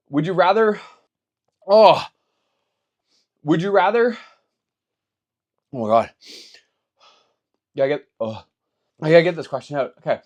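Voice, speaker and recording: Young man, casual vlog chat, rambling, slightly high pitch, soft background music. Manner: chatty, rambling, restarts when flustered by the heat. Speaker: YouTuber.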